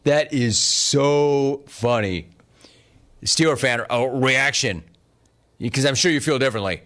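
A man's voice: medium pitch, slow, fairly bright tone. A man hosting a sports talk show, talking casually and sarcastically, often breaking into laughter while reading chat. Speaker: sports talk radio host.

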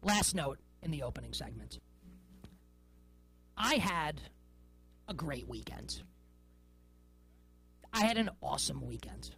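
A woman's voice: low voice, sing-song, takes it slowly, gravelly, pauses often, fairly bright tone, soft background music, rough recording. A woman in her thirties delivers a sports talk show monologue. She rambles, sounds incredulous, and hits key words hard.

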